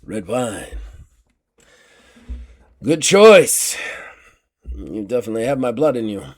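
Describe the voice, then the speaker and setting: A man voicing an aging swashbuckler uncle, a suave grifter who speaks in slow, measured lines. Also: mid-range voice, big pitch swings. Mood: approving.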